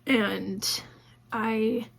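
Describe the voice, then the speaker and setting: A woman vlogger tells a personal story casually, slipping into the voices of the people in it. Her voice sits a little high but sounds husky, with a gravelly fry running through it. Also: steady tone, very slow. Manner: conversational, acts out quoted dialogue with many "like"s.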